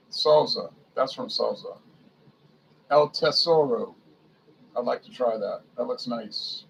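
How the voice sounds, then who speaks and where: A man's voice: medium pitch, vocal fry, slight background noise, rough recording. A man casually reading a liquor list aloud, musing to himself and stumbling over foreign names. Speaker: beer and spirits reviewer.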